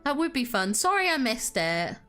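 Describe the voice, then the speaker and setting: A woman's voice: a little high, big pitch swings, moderate pace, bright, forceful tone, clean tone, soft background music. A woman streaming a game and chatting casually with viewers, giggling often and laughing to tears. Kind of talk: casual livestream chat.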